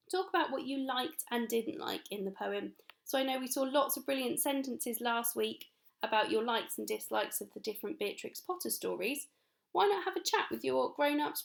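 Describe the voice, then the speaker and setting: A woman's voice: sits high, vocal fry. A woman teacher with an English accent, speaking in an upbeat, encouraging way as she talks young children through their week's learning at home. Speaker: primary school teacher.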